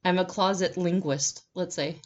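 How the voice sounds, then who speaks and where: A woman chatting casually as co-host, speaking bluntly and expressively. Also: normal speed. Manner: blunt and expressive, with wide swings in pitch. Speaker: podcast co-host. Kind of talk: casual chat. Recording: slightly dull lo-fi sound.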